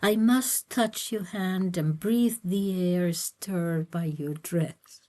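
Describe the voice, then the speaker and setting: Lady reading as a young man begging his lover in a low slow whisper, hushed and eager. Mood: pleading ardently.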